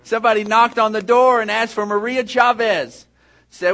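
A man's voice: sits high, steady tone, moderate pace. A man preaches to his congregation. He tells stories, drawing some lines down almost to a murmur before raising his voice again. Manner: storytelling, swings from hushed to raised. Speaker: pastor. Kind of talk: sermon.

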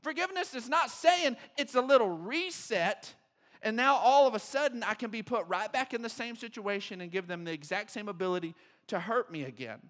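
Male pastor, very high voice, sermon delivery, animated, acts out quotes. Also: a little fast. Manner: animated, acts out quotes, swings from loud to hushed. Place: church sanctuary.

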